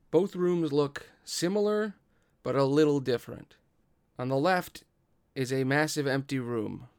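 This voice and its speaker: Game master, male: gravelly, smooth voice, dry close sound, slow dramatic narration. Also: medium pitch, darkish tone, dry recording.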